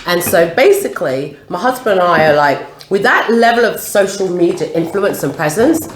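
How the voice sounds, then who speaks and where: A woman with a fairly low, animated voice talks at a normal speed while hosting an eating vlog. She chats casually and steers the conversation with questions. The recording has a roomy echo and faint noise.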